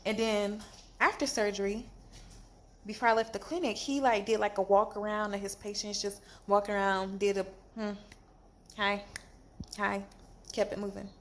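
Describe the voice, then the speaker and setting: A woman telling a storytime vlog from a hospital bed after surgery, animated and exasperated, in pain. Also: mid-range voice, moderate pace, pauses often, slight background noise. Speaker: vlogger.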